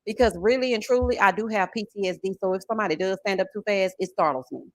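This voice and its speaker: A woman in her forties chatting on a livestream, telling an animated, expressive story and thanking viewers. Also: medium pitch, fast talker, dry recording. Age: 40s. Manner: animated, expressive storytelling with chat shout-outs. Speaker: livestream host. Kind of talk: casual livestream chat and story time.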